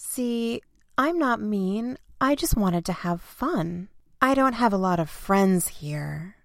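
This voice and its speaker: A woman doing a loud, lonely, mischievous cloud. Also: medium pitch, lively intonation, slow, gravelly, no room sound, studio quality. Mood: apologetic.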